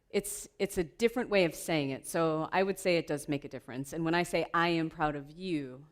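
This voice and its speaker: A woman giving a playful, lively keynote talk at a conference, laughing often with the audience. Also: deep voice. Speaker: keynote speaker. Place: conference room.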